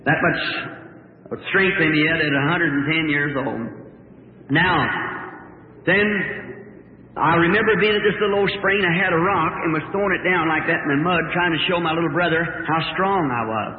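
A folksy man preacher spins homespun stories from the pulpit in a somewhat high voice. He is heard on an old, tinny tape, with long echo from a big hall and a faint hiss behind him. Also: fairly quick. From southern Indiana, US. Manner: folksy storytelling with rural dialect. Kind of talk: sermon testimony. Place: large meeting hall.

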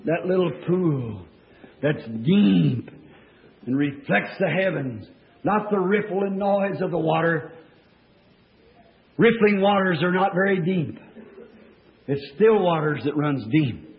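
Man, high voice, fervent revival sermon, folksy plain-spoken, hushed to shouting, echoey church, muffled old tape. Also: slow, pauses often. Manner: swings from hushed tones to shouting. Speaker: preacher. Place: church service with congregation.

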